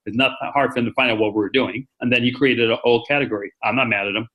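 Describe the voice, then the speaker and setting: A man's voice: mid-range voice, steady tone, quick pace, pushed and bright, poor audio. A man hosting a conference call, chatty and rambling, with many fillers and restarts. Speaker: meeting host. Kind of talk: casual conference call talk.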